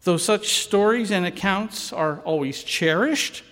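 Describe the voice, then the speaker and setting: Male preacher, storytelling sermon, high voice, unhurried delivery. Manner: slow, expressive storytelling. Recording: long hall reverb.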